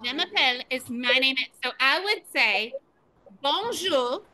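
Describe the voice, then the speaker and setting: Upbeat high-voiced woman teacher. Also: animated, sharp tone, a little hiss or hum. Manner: upbeat and encouraging, slow clear modeling of words. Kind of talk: classroom lesson to children.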